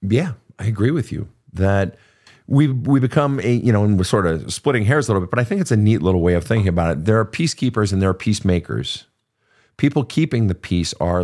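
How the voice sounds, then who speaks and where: An older man with a lowish voice hosts an advice show, and his pitch swings widely as he talks. He speaks casually and swears freely, slipping into quick acted quotes from clients as he makes his points. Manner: animated, profane, storytelling with acted quotes. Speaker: podcast host and therapist.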